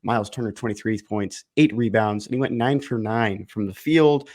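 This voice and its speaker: A man on a sports podcast, low-key and measured, reading out a segment with statistics. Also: a little mellow. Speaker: podcast co-host.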